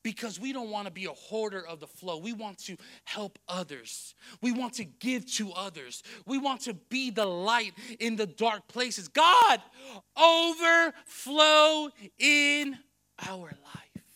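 A man pastor delivering a sermon in church, blunt and emphatic, swinging between soft passages and loud ones. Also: sits high, expressive, normal speed, hardly any pauses. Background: faint music.

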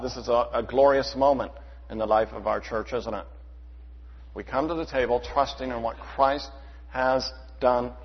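A man preaching a sermon to his church, emphatic, asking rhetorical questions and swinging between loud and hushed delivery. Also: mid-range voice, husky. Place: church sanctuary. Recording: dull hall reverb.

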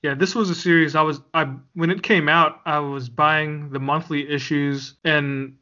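A man's voice: fairly high pitch, steady tone, normal speed, bright, forceful tone. A man co-hosting a podcast, chatting casually and laughing easily. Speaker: podcast co-host. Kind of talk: casual chat. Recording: dull lo-fi sound.

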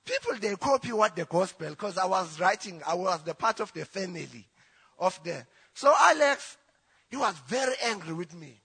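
A South African man whose first language is Zulu, telling his personal testimony in church in halting English with restarts. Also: high voice, very animated, creaky, a bit bright, slightly rough. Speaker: church member giving testimony. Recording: reverberant church hall.

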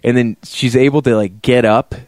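Animated male podcast co-host. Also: mid-range voice, normal speed, no room sound. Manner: animated, retells scenes with profanity. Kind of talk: casual film review chat.

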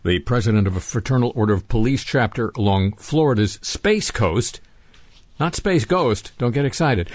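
A man's voice: medium pitch, darkish tone, slightly rough, dry recording. A man hosting a radio show, reading odd news items aloud and adding dry, sardonic asides between them. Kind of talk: wry news commentary.

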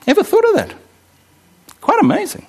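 Guy preaching a sermon, chatty and jokey, voice pretty high and jumping all over. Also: normal speed. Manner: conversational and animated, joking with the congregation.

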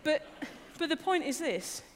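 A woman's voice: sits high, big pitch swings, measured pace. Young woman preaching in a reverberant hall. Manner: informal and personal, repeats words, asks the listeners questions. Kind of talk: conversational sermon.

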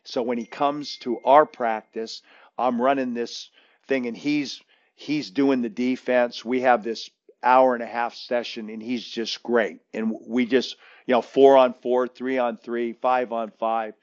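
A man's voice: medium pitch, flat delivery, a little slow, dull audio. A man who coaches basketball, telling a long story in casual chat, rambling with many restarts and fillers.

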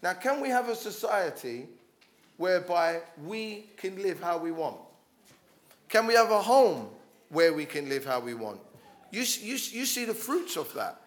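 A man delivers a sermon in a fairly high voice. He speaks with passion, stumbling over restarts, and builds to loud calls for his listeners to stand up. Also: very animated, normal speed. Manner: passionate, rising to loud exhortation with frequent restarts. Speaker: preacher.

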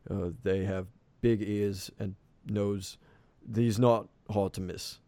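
Formal, polite sea captain, mellow low voice, slightly fumbling, a man doing it. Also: steady tone, slow, no echo. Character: courteous male ship captain, formal.

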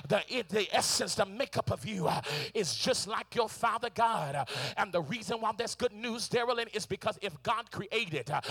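High-voiced man preaching a sermon. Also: creaky, slightly rough. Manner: call-and-response preaching, shouting and singing out lines; frequent "uh" fillers. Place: church sanctuary.

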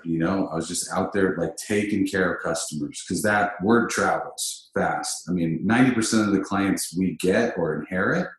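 A man with a very deep voice hosts a relaxed business chat and tells his stories with emphatic energy. His voice rings off the walls of a very echoey room. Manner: animated storyteller, emphatic. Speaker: podcast host.

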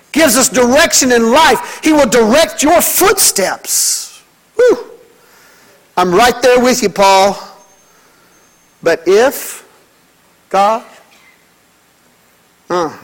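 An older man, a pastor preaching a fervent sermon to his church, moving between loud, emphatic lines and hushed ones. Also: extremely high pitch, expressive, takes it slowly, pauses often, low-quality recording.

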